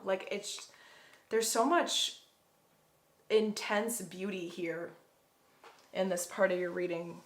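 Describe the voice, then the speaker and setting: A woman's voice: mid-range voice, fairly even intonation, measured pace. A young woman giving a pick-a-card tarot reading to viewers, emotional and effusive, often exclaiming over the cards. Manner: gushing, emotional, addresses viewers as guys.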